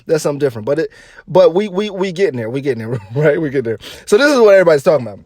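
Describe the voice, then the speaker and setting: A man's voice: on the high side, very animated, very fast, darkish tone, dry recording. A man giving casual, rambling commentary on celebrity news, laughing often and repeating himself.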